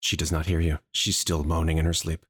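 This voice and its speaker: A man's voice: very deep voice, level tone, brisk, breathy edge. A man narrating a tabletop game as game master, descriptive and full of hedging asides.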